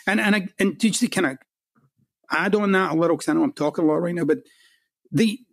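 A middle-aged Scottish author, a guest on a podcast interview, talks bluntly and emphatically and swears for punch. His voice sits high and has vocal fry, and he talks fast. The studio-quality audio has no room sound.

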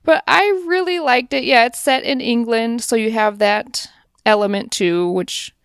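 Brief: woman podcast co-host, smooth clean voice, dry sound, chatty and upbeat. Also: a little high, a little slow, no echo. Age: adult parent. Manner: chatty, enthusiastic, lots of fillers. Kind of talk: casual chat.

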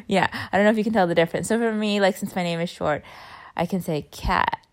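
A young woman chatting casually about a speaking workshop, full of fillers and trailing softly off at the ends. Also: medium pitch, fast talker. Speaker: vlogger recapping a speaking workshop. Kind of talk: casual chat.

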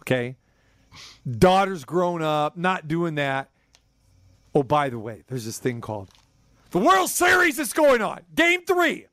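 A middle-aged man hosting a sports radio show, telling a rambling story with animated swings between high and low. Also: a little slow, long pauses, dry recording, clean studio sound. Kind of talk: casual sports talk chat.

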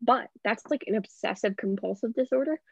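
A woman's voice: fairly high pitch, fairly quick, vocal fry, slightly rough, dry recording, lo-fi sound. A young woman co-hosting a casual movie podcast, rambling with lots of "like". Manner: rambling, heavy use of "like".

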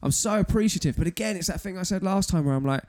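A man's voice: high-pitched, fast, darkish tone. A man co-hosting a casual podcast chat, joking and self-deprecating. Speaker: podcast co-host.

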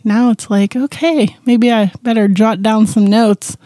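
Podcast co-host, middle-aged woman, mellow tone, nervous rambling, odd made-up twang, dry close sound. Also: fairly high pitch, fairly even intonation, unhurried, no echo. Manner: nervous, rambling with many restarts. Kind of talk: casual chat.

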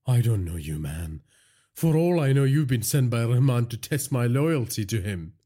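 A jittery, stammering police constable, voice pitched high and strained with panic, talking in hesitant bursts, as a male narrator voices him. The husky, breathy grain stays in every line of this audiobook scene. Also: lively intonation, normal speed, mellow. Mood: panicky. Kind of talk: audiobook character voice.

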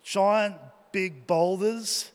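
A man's voice: high voice, fairly even intonation, extremely slow, clear, resonant tone. A young man preaching, telling a personal story and asking his congregation questions. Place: church hall. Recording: long hall reverb.

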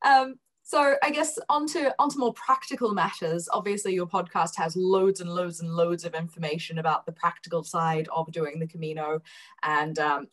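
A woman hosting a podcast interview, reacting effusively and asking questions. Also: on the low side. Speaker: podcast host.

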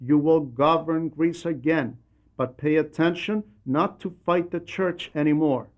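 A man's voice: a little high, measured pace, lo-fi sound, lightly acted. A man voicing a humble elderly monk who firmly admonishes and reassures. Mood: reassuring. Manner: firm, admonishing. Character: humble elderly male monk, gently scolding.

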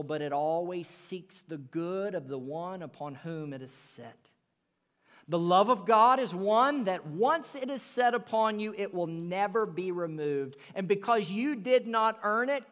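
High-voiced guy preaching a slow sunday sermon in a church, big hall echo, gets loud then drops to a whisper. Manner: earnest preaching, rises and drops to near whisper. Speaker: pastor. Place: church sanctuary.

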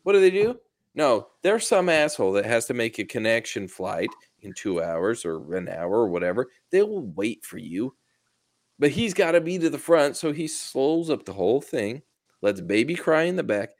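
A man's voice: mid-range voice, sing-song, normal speed. A man co-hosting a casual podcast, ranting and swearing in a passive-aggressive way. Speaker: podcast co-host. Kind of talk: casual chat.

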